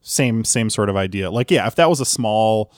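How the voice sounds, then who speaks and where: A man with a fairly low voice chats casually as the host of a podcast, rambling and circling back with lots of "uh" and "um." The sound is close and dry, with no room in it. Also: expressive, moderate pace, dry recording. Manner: rambling, many fillers and restarts.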